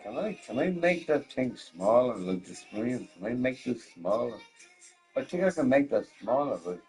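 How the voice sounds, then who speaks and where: A man's voice: medium pitch, sing-song, moderate pace, a little mellow, soft background music. A young man chats off the cuff on a gaming live stream. He rambles and swears freely, and his voice swings widely up and down as he talks. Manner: rambling and profane, often laughing. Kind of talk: casual live-stream chat.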